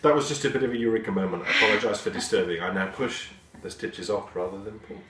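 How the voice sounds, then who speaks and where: A man co-hosting a knitting podcast, playful and quick with jokes and wordplay. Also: fairly low pitch, sharp tone, slight background noise. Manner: playful joker, jumps in with wordplay. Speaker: podcast co-host. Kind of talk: casual knitting chat. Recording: roomy audio with the mic some distance away.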